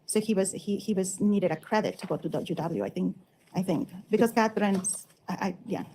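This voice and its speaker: A woman testifying in court, giving short, halting and unsure answers. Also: mid-range voice, dark tone, a little hiss or hum, low-quality recording. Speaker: trial witness.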